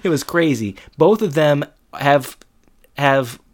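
A man's voice: a little high, expressive, slow. A man casually retelling a TV episode, full of fillers like "um" and "like" as he walks through the scenes. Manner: loose, filler-heavy retelling with frequent "like" and "um". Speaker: podcast co-host recapping a TV episode. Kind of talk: casual chat.

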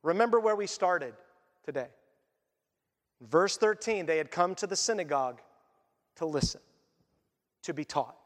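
A man's voice: high voice, expressive, unhurried, long pauses, long reverb tail. A man preaching a sermon, speaking emphatically and repeating his key phrases.

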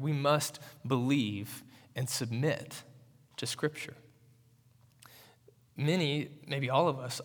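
A man's voice: medium pitch, fairly bright tone. Man preaching in a reverberant hall. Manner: earnest, emphatic preaching with measured rhetorical pauses. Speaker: pastor. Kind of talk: sermon. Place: church sanctuary.

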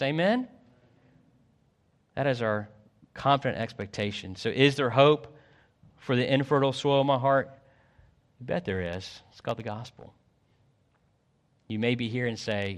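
A man preaching a sermon as pastor, swinging between loud pleading and hushed low tones. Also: normal speed, long pauses.

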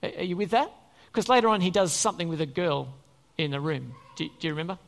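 Animated preacher in an echoing hall. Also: medium pitch, quick pace, creaky. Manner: conversational, asks the congregation questions. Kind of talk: sermon. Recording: long reverb in a church hall.

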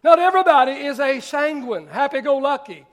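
A male pastor preaching a sermon, repeating phrases for emphasis, shouting some lines and dropping others to a near murmur. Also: very high voice, expressive, fairly quick.

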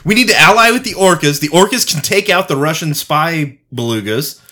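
Bright-voiced joking podcast man. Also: fairly high pitch, lively intonation, a little fast. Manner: joking, profane, riffing on wild ideas. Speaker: podcast co-host. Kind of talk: casual chat.

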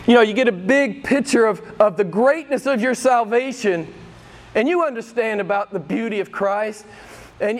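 A man preaching a sermon in a church, impassioned and emphatic, repeating his phrases. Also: sits high. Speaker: pastor.

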